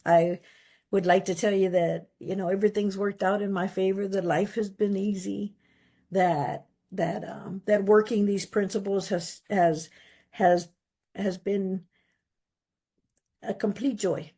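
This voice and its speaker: A woman's voice: mid-range voice, fairly even intonation, a little slow, warm tone, slightly rough. A woman giving a candid, emphatic personal testimony at a recovery meeting, often repeating words for stress. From Texas.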